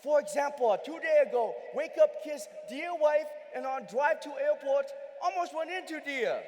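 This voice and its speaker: A keynote speaker putting on a playful male immigrant persona, clipping his words into broken English and calling out loudly to a crowd. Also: very high-pitched. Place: large convention hall. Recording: long reverb of a big hall.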